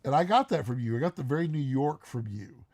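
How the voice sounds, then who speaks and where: A man co-hosting a live stream, chatting casually and quickly, laughing often as he answers questions. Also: medium pitch, lively intonation, darkish tone, no room sound. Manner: fast-talking, laughs often.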